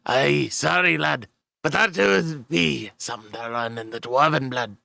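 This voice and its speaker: A man doing a gravelly blunt dwarf smith. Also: mid-range voice, measured pace, bright, forceful tone, dry recording, clean studio sound, voice pushed up, heavily acted. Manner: blunt, folksy, says aye and lad. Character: gruff old male dwarf runesmith, blunt. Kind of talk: in-character tabletop role-play.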